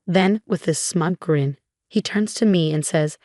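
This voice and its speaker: A woman giving a scripted first-person story narration in a smooth, steady reading voice. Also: on the low side, unhurried, no echo, studio quality.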